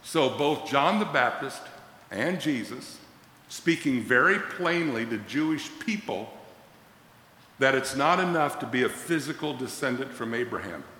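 A man preaching a sermon as a pastor, quoting scripture with dramatic, animated delivery. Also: medium pitch, measured pace. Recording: echoey hall.

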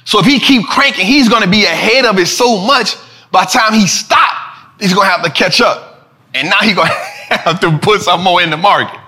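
A man hosting a casual finance talk show, animated and preachy, full of slang and repeating lines for emphasis. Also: high voice, moderate pace. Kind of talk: casual market commentary.

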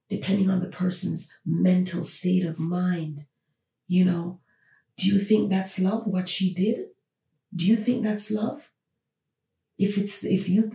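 A woman's voice: on the low side, gravelly, mellow. A woman hosting a podcast, talking through her opinions with emphatic, repeated rhetorical questions. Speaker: podcast host. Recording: roomy, distant from the mic.

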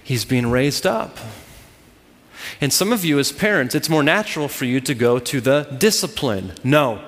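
A man's voice: medium pitch, sing-song, normal speed, a bit bright, in a large hall. A man preaching a sermon to a congregation, driving his points home with emphatic repeated phrases. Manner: emphatic, repetitive preaching cadence. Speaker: pastor.

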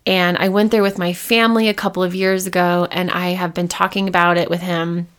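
On her own podcast, a woman tells a personal story straight to the listener in a casual, confessional tone. Her medium, smooth voice jumps far up in pitch on excited lines as she acts out her past self and others in quick snippets.

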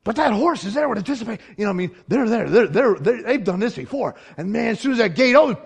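A man preaching a sermon, telling stories with lively swings from quiet asides to loud punchlines, chuckling often. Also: sits high, fast, gravelly, hardly any pauses, husky. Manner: storytelling with dramatic swings in loudness, from quiet asides to shouted punchlines. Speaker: pastor.

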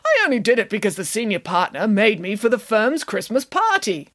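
A woman's voice: mid-range voice, very animated, fairly quick, a bit bright, voice pushed up. A woman voicing a grumpy, pompous middle-aged father in a storybook reading, blustering and sulky.

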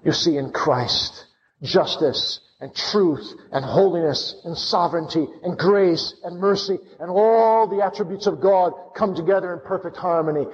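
Man preaching, measured delivery, impassioned; slightly muffled, lo-fi recording. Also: on the high side. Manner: impassioned, rising to fervent cries. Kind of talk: sermon. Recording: lo-fi with long hall reverb.

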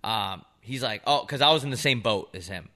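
A young podcast co-host chats casually, spinning rambling, profane stories with animated energy. His voice is medium in pitch and he talks a little fast.

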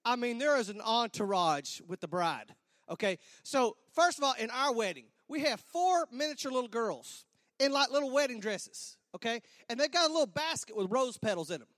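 A man telling a comic story to an audience in a large hall, animated, repeating words and acting out sound effects. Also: extremely high pitch, normal speed, clean studio sound. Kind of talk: stand-up storytelling to a church audience.

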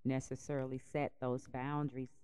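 A woman hosts an interview, speaking in a very low, smooth voice. She affirms and encourages her guest between questions. The sound is dry and close. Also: little pitch movement, normal speed, warm tone, no room sound. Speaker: interview host.

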